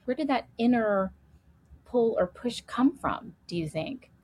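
A woman interviewer asking reflective questions in a gentle way. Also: a little high, animated, measured pace, low-quality recording.

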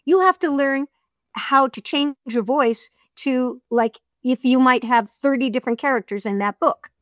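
A middle-aged woman, an audiobook narrator and voiceover artist, chats through a casual interview, storytelling and laughing easily. Her voice sits high, and the studio-quality recording has no echo.

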